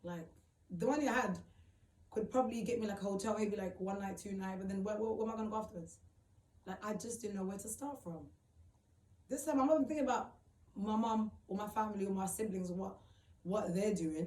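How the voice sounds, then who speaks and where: A woman's voice: medium pitch, mellow. Emotional woman recalling hard times. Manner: halting, repeats phrases, many fillers. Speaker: vlogger telling her own story. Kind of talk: emotional personal storytelling. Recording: roomy, distant mic, faint background noise.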